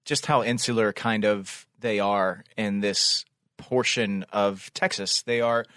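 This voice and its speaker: A man's voice: on the low side, fairly even intonation, slow pace, a bit bright, clean tone, no room sound, studio quality. Encouraging male podcast co-host. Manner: encouraging, frequent agreeing interjections. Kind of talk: casual interview chat.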